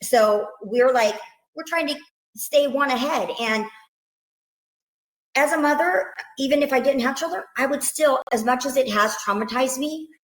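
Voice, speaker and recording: A woman speaks as a guest about her family's ordeal, stopping and restarting often and quoting others' words. Her voice sits a little high. The recording carries a noticeable room echo. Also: fairly bright tone. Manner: halting, many restarts, quotes others. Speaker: victim's mother, guest. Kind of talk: emotional interview.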